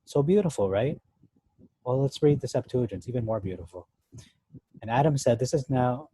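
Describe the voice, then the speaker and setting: Dark-voiced man teaching Bible verses. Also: mid-range voice, animated, normal speed, pauses often, husky, no echo, low-quality recording. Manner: conversational, thinking aloud with fillers and asides. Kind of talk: casual verse-by-verse Bible study.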